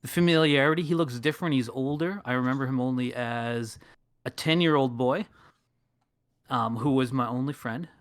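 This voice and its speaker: A man describing his character's actions as a player in a calm, descriptive way. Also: mid-range voice, moderate pace.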